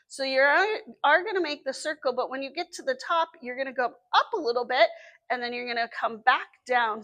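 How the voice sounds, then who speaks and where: Woman, children's librarian, Southern US accent, high voice, sing-song, encouraging, story time. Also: fairly bright tone.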